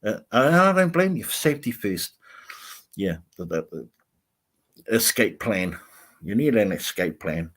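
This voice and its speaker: A man's voice: on the low side, lively intonation, measured pace, long pauses, a bit bright. A man hosting a livestream, reading out viewer comments and rambling in a chatty way with frequent laughter. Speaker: vlogger host.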